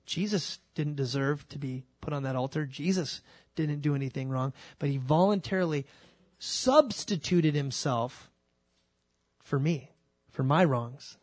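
A man preaching a sermon. He talks in an animated way and acts out the scripture scenes with quick shifts of voice. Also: a little high, dry recording. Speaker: pastor.

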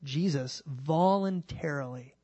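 Animated preacher man, fairly high voice. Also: no room sound, dull audio. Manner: animated, acts out the scripture scenes with quick voice shifts. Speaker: pastor. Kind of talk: sermon.

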